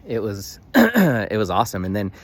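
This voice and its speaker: Low-voiced man telling an animated story. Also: moderate pace, breathy edge. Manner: animated, emphatic, many fillers and restarts. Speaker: vlogger. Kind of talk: casual storytelling to camera.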